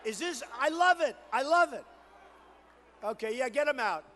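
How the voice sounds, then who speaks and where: Boastful, high-pitched rally speaker man. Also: expressive, normal speed, long reverb tail. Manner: boastful, repetitive, riffing to the crowd; building to shouted crescendos. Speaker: political candidate at a rally. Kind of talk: campaign rally speech.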